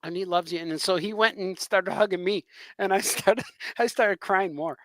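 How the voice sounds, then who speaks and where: Excitable high-voiced man telling stories. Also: moderate pace, no echo. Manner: rambling, excitable, laughs while telling stories. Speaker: cartoonist and podcast co-host. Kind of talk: casual chat, storytelling.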